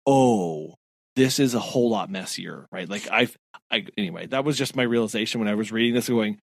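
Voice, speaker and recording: A man's voice: on the low side, a little fast, creaky, no room sound, clean studio sound. A man co-hosting a podcast, chatting casually about a book and acting out character quotes. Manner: animated, acts out character quotes. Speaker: podcast co-host. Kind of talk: casual book-club chat.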